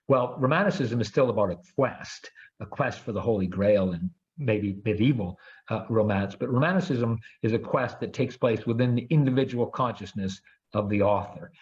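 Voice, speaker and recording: A man's voice: lowish voice, dull audio. A man giving an academic lecture with enthusiasm, often restarting with fillers.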